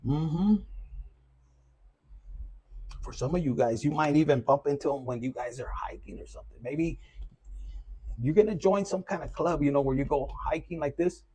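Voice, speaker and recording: A man's voice: a little high, moderate pace, long pauses, dark tone, slightly rough. A man giving a loose, profane, casual collective tarot reading. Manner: loose and profane, with Spanish slang mixed in. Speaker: tarot reader.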